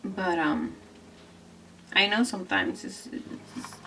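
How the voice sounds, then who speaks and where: A woman chatting casually and self-deprecatingly while coloring, talking softly toward a camera mounted overhead. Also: fairly low pitch, big pitch swings, slow pace, vocal fry, a little hiss or hum. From grew up in the Netherlands from age thirteen. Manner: self-deprecating, rambling, laughs often. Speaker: art vlogger. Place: indoors at a desk. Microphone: camera overhead, some distance away. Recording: distant camera mic with music behind. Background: soft background music.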